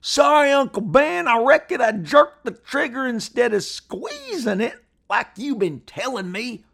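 A man voicing a fourteen-year-old cowboy boy, earnest and eager, in a high, overdone reading. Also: very animated, measured pace, gravelly, a bit bright, full character voice. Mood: apologetic.

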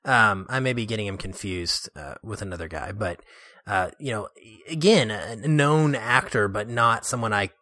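A man co-hosting a casual movie discussion, animated and laughing often as he acts out quotes. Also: fairly low pitch, normal speed, no echo, clean studio sound. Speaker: podcast co-host.

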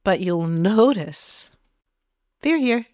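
A woman talks a listener through a guided meditation, her tone gentle and soothing. Her voice sits at an ordinary middle pitch. The sound is dry and close, with no room around it. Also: lively intonation, extremely slow, no echo. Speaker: spiritual medium.

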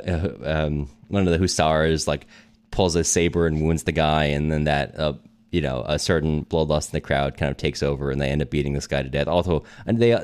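A man co-hosting a podcast, casually summarizing a novel with fillers and frequent laughter. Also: very deep voice. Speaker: podcast co-host. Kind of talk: casual book discussion.

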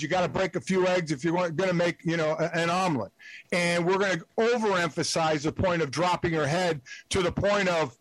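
A man's voice: high-pitched, no room sound, poor audio. A man who played the game, calling in as a guest analyst on a sports talk show, talking bluntly and at length with emphatic asides. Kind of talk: sports talk radio call-in. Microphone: phone line.

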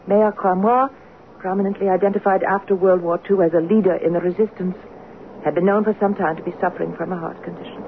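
An actress in a 1970s radio drama playing a middle-aged French wife with a French accent, once in the resistance, talking in a tender, teasing way. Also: female voice, lowish voice, fairly even intonation, fast, lightly acted. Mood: urgent. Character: wistful French wife, former resistance fighter. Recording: tinny lo-fi old radio broadcast with hiss.

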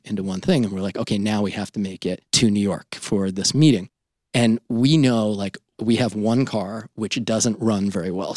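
A middle-aged man with a slightly low voice recounts a story on a podcast, tossing in "right?" as he goes. His voice sits close and dry on the microphone, with no room sound around it. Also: no echo. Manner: lively anecdote-telling, often adds "right?". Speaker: entrepreneur and podcast host being interviewed.

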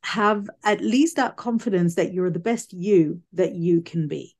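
A woman speaking as a psychic medium guest in a casual interview, chatty and animated, often restarting her sentences. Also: fairly low pitch, unhurried. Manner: chatty, animated, self-correcting.

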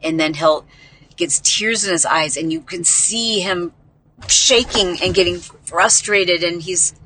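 Woman podcast host, lowish, bright forceful voice, dry sound, rambling heartfelt storytelling. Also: takes it slowly, a little hiss or hum. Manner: heartfelt, rambling, heavy use of "like". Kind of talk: casual personal storytelling.

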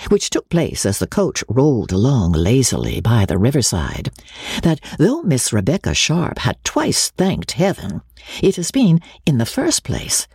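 A woman reading a classic novel aloud as an audiobook, with dramatic, expressive narration. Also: a bass voice, creaky, slightly rough, no room sound, clean studio sound. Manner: dramatic, wide-ranging delivery. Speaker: audiobook reader.

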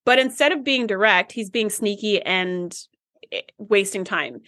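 A woman's voice: mid-range voice, a little slow, bright, forceful tone, no room sound, clean studio sound. A woman co-hosting a podcast in casual chat, chatty and quoting the characters in playful voices. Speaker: podcast co-host.

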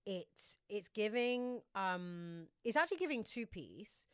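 A woman's voice: medium pitch, very animated, takes it slowly, smooth, no room sound, clean studio sound. A woman co-hosting a casual fashion podcast, chatty and giggly, describing outfits with lots of fillers. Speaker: podcast co-host. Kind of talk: casual chat about red-carpet fashion.

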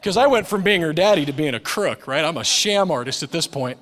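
Pastor, fairly high voice, long hall echo. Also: male voice, lively intonation, fairly quick, fairly bright tone. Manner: storytelling with humor, acts out quoted voices. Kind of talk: sermon. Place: church sanctuary. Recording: long reverb of a large church hall.

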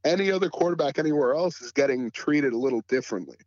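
A man's voice: a little high, expressive, fast, a little mellow, no room sound, muffled recording. A man as a podcast guest in casual sports chat, laid-back and full of "you know" fillers.

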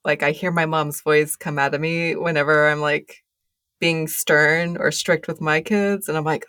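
A woman being interviewed as a podcast guest, chatting in a relaxed way with plenty of fillers. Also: deep voice, unhurried, no echo, clean studio sound. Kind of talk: casual interview chat.

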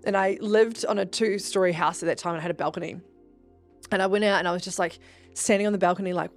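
A young woman hosting a podcast, telling spiritual stories in a casual, profane, animated way that jumps into excited shouts. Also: fast talker, faint music behind. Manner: animated, profane, bursts into high excited shouts when reenacting. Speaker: podcast host. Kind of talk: casual storytelling monologue.

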